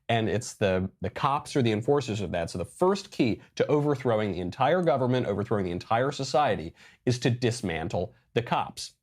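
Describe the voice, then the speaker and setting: A man giving emphatic, sarcastic political commentary over news clips. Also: medium pitch. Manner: emphatic, sarcastic, lively delivery.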